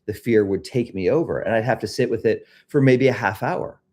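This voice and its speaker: A middle-aged man hosting a live self-help talk, speaking reflectively about fear and then gently guiding listeners through a body meditation. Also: on the low side, fairly quick. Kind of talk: casual talk leading a guided meditation.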